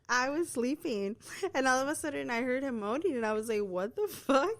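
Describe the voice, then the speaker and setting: A woman co-hosting a podcast, telling a story in casual chat, expressive and laughing as she acts out the scene. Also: sits high, fairly quick. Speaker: podcast co-host.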